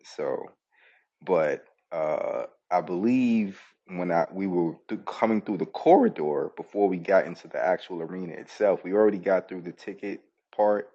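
Very low-voiced man, rambling recap. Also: normal speed, mellow. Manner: rambling, self-correcting storytelling. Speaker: podcast host. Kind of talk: casual wrestling show recap. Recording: dull, lo-fi call-in audio.

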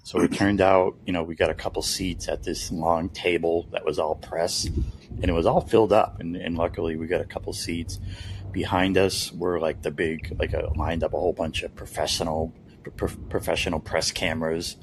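A man with a very deep voice co-hosting a podcast, telling a story in a loose, laughing way with frequent restarts. Faint background noise sits under his voice. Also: level tone, moderate pace. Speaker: podcast co-host. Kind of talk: casual chat.

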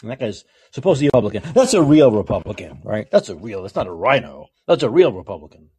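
A man hosting a political talk show, delivering a sarcastic, opinionated monologue that swings between yelling and quiet muttering. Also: lowish voice, sing-song, fast talker, breathy edge.

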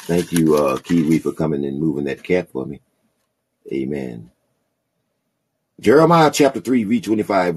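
A man preaching a sermon, reading scripture slowly and then exhorting his listeners with growing intensity. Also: very deep voice, lively intonation, breathy edge. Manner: slow, reads scripture aloud then preaches with rising intensity. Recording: call-in podcast audio.

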